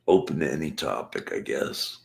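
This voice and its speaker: A man's voice: extremely low pitch, expressive, normal speed, gravelly, darkish tone. A man hosting his own late-night live stream, rambling casually to the chat. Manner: rambling, drifting, talking to the chat. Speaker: channel host.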